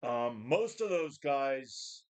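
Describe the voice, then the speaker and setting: A man's voice: mid-range voice, sing-song, drawn-out words. A man in his forties talking casually to his webcam from a home gym, blunt and profane, often sighing and restarting. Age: 40s. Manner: blunt, profane, weary, full of sighs and restarts. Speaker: vlogger. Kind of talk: casual rambling talk to a webcam.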